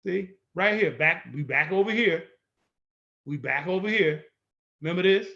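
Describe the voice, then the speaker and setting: In a lecture-style video walkthrough, a male instructor lectures in a bold, confrontational way, emphatically repeating his points. His high voice is creaky, pushed and bright, with lively intonation at a normal speed, and the recording's highs are cut off.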